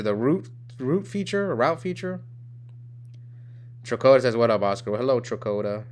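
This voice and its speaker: A young American man hosts a live game stream in a clean, mid-range voice. He chats casually and rambles as he reads viewer comments aloud.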